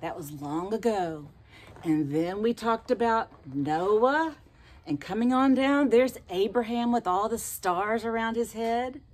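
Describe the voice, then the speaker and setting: A woman telling a story to children in an animated way, often asking the listeners questions. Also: a little high, slow. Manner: lively, animated storytelling with asked questions to kids.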